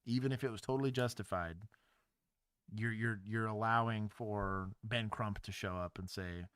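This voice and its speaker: A man's voice: on the low side, steady tone, moderate pace, a bit bright, clean tone, dry recording. Dry-voiced man commenting wryly. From Texas. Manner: wry, explanatory, chatty. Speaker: host, former police officer. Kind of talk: casual livestream commentary.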